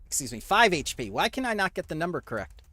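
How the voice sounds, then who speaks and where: A game master running a tabletop session, briskly explaining rules and rolls. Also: mid-range voice, very animated, sharp tone, no echo. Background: faint fantasy background music.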